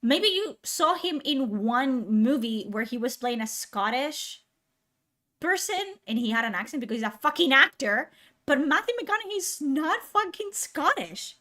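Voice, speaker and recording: A woman's voice: sits high, lively intonation, unhurried, sharp tone. A woman live streamer in casual chat, exasperated and swearing often.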